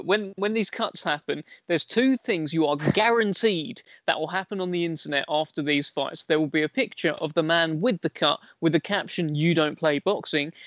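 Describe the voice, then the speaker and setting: A man's voice: fairly high pitch, fairly bright tone, dry recording, dull audio. A man hosting a casual boxing podcast, jokey and upbeat, teasing his co-host.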